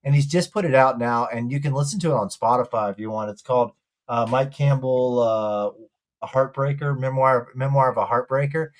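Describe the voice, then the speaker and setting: A man's voice: medium pitch, a little fast. A man co-hosting a casual talk show, enthusiastic as he recommends things. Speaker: co-host. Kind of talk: casual chat.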